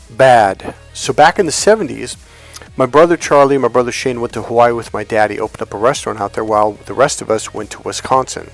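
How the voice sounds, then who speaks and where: A man giving a blunt, profane coaching talk on dating and relationships, telling stories and acting out the voices in them. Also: medium pitch. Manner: blunt, profane, storytelling with acted-out quotes. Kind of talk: motivational coaching monologue.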